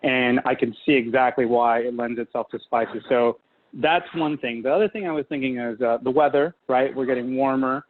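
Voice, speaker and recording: A man's voice: mid-range voice, moderate pace. A man from California, a guest chef talking casually and enthusiastically, with many fillers, over a video call. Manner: chatty, filler-heavy, enthusiastic. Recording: tinny video-call audio, faint hiss.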